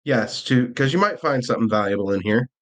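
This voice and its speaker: A man's voice: medium pitch, expressive, brisk. Casual man running a tabletop game. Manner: casual, swearing, often laughs. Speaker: game master.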